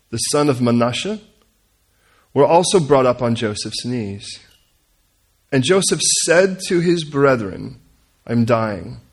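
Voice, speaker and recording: A man reads scripture to a group in a plain, earnest voice, his pitch in the middle of the range. He moves through the passage at an unhurried pace and sometimes stumbles and corrects himself. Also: husky. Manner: earnest reading with stumbles and corrections, coaxes listeners to repeat names. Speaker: Bible teacher. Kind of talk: reading scripture aloud and leading prayer.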